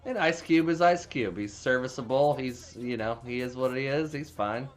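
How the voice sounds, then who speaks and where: A man's voice: medium pitch, moderate pace. A man casually recapping a movie plot, rambling with frequent restarts and plenty of swearing. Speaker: movie reviewer.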